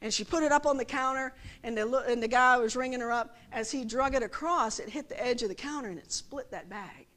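A woman's voice: fairly high pitch, fairly quick, hardly any pauses, a bit bright. A middle-aged woman giving a conversational sermon, often checking that listeners follow her with rhetorical questions. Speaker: preacher.

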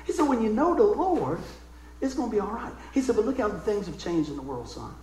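Folksy preacher, high voice, echoey room. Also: male voice, big pitch swings, brisk, darkish tone, a little hiss or hum. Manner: folksy, emotional storytelling with asides. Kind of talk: sermon.

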